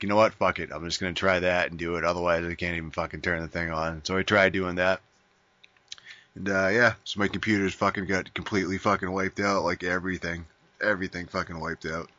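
In casual podcast chat, a man with a very low, bright-edged voice tells a rambling story, swearing constantly and saying "dude" over and over. The sound is dry, a bit dull, and lo-fi, with no echo.

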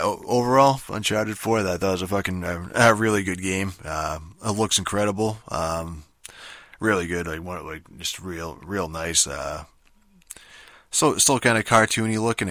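A man giving a casual, rambling spoken review of a video game, swearing often and filling pauses with um and you know. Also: low voice, fairly bright tone, no echo. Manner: rambling, profane, many fillers and restarts.

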